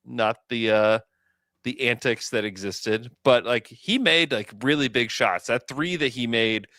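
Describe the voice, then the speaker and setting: A man co-hosting a podcast in casual sports chat, animated and chatty. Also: mid-range voice, unhurried, no room sound, clean studio sound. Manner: animated, chatty, lots of fillers. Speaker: podcast co-host.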